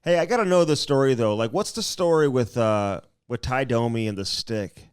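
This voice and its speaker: A man's voice: medium pitch, expressive, normal speed, smooth. A man hosting a podcast, asking questions casually and laughing along with his guest. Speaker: podcast host. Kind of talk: casual interview chat.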